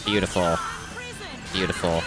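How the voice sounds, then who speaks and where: A man's voice: low-pitched, level tone, measured pace, loud music behind the voice. Joking, profane young man streamer. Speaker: blind let's play streamer. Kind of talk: casual gameplay commentary.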